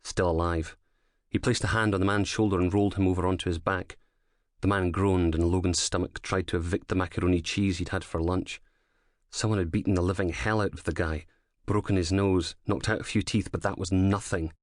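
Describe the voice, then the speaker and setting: Low-voiced male audiobook narrator. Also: fairly even intonation, no echo, clean studio sound. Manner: measured, dramatic storytelling. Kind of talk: scripted narration of a crime thriller.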